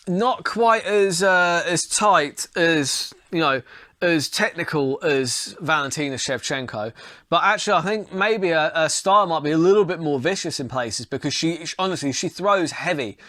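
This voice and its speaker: Man, casual fight analysis, rambling, sharp bright tone, dry close sound. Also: a little high, lively intonation, normal speed, no echo. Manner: chatty, rambling, swears casually. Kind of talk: casual fight breakdown and betting pick.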